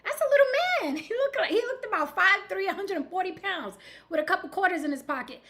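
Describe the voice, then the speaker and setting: Blunt high-voiced woman host. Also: fast. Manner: blunt, animated, talks to her live audience. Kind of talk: casual commentary on the news.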